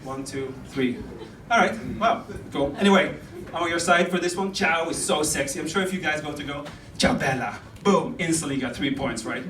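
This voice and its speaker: A man's voice: a little high, a little fast, fairly bright tone. Young man, stand-up set, rambling, roomy club sound from a distance, crowd noise. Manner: rambling, chatty, laughing at own jokes. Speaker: stand-up comedian. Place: comedy club stage.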